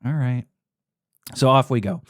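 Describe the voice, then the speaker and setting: A man's voice: mid-range voice, unhurried, no echo, studio quality. A man hosting a podcast, enthusiastically recapping a video game in casual, profane chat, often laughing. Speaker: podcast host.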